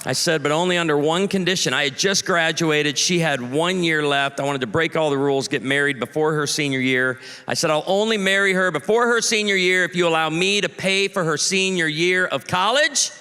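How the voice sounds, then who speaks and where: A man's voice: fairly high pitch, a little fast, few pauses, sharp tone, clean tone. A man in his forties, a pastor doing stand-up comedy for a live audience, punchy and playful, calling for the crowd to answer. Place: large live venue. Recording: long reverb of a large venue.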